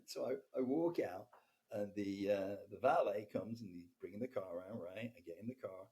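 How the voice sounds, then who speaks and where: A man's voice: lowish voice, normal speed, mellow. A man telling a candid personal story as a podcast guest. He talks animatedly and keeps asking "right?".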